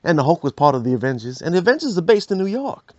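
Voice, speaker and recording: A man hosting a podcast, telling comic stories in an animated, slangy way. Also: on the high side, fast talker, dry recording, highs cut off. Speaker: podcast host. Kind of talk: comedic storytelling.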